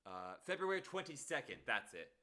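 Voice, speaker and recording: A man chatting casually on a late-night home stream, soft-spoken and rambling, talking to his viewers while music plays. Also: medium pitch, sing-song, normal speed. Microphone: headset mic.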